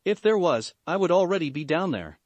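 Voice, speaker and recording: A man reading as Jiraiya, a gruff old sage. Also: on the high side, expressive, fairly quick, no room sound. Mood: curt. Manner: blunt, curt. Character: gruff older male sage ninja.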